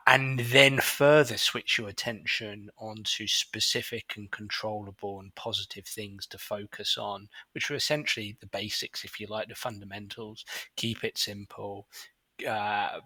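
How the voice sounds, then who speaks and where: Measured sports psychologist host, dry sound. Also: male voice, lowish voice, bright, forceful tone, dry recording. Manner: measured and explanatory, uses "uh" and "um". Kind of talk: analytical interview commentary.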